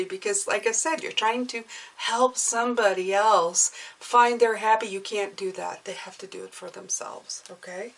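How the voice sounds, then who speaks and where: A woman giving a casual tarot reading, who bursts into delight over the cards and then drops to a soft murmur as she reads card texts aloud. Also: a little high, normal speed, recorded from a distance. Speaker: tarot reader.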